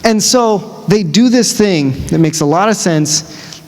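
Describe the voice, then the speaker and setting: A man with a high voice delivers a sermon in a large church. He tells the story casually, with lively, conversational asides. His voice carries a long reverb that rings around the hall. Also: slow pace. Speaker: preacher.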